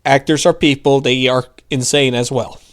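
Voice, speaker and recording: A man's voice: mid-range voice, steady tone, normal speed. Sarcastic young male political ranter. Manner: sarcastic, mocking, rambling. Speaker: political commentary host. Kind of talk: casual political rant.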